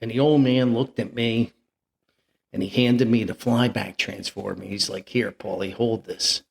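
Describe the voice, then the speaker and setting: A man's voice: mid-range voice, fairly even intonation, normal speed, gravelly, a little hiss or hum. An older man, telling a rambling, chuckling family anecdote as a podcast host. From New Jersey. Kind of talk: anecdotal storytelling.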